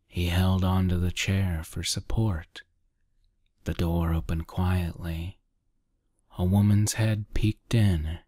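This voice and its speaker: A man narrating a dark short story as a soft, half-whispered ASMR reading close to the mic. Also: deep voice, steady tone, no echo. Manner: quiet, half-whispered, measured.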